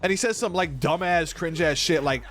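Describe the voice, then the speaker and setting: A man's voice: fairly high pitch, normal speed, a bit bright. A man streaming a game while telling a story in a rambling, profane way, full of "dude" and "like". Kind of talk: casual storytelling while gaming.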